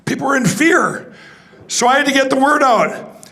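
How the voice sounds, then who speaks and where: A man's voice: very high-pitched, animated, normal speed, bright, forceful tone. A man speaking to a conference audience, telling a rambling story with restarts and acting out the dialogue. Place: conference hall stage.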